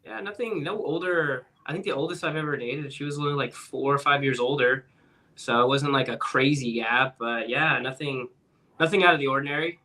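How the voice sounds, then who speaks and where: A man's voice: mid-range voice, fairly quick, sharp tone, low-quality recording. A man with a Texan accent, a band member in a casual interview, easygoing and chuckling between thoughts.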